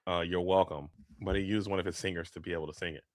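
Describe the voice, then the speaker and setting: A man's voice: deep voice, steady tone, fast, dry recording, clean studio sound. A man casting a live card game match, talking through the plays at length, tired from a long day of travel. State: travel-fatigued. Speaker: esports caster.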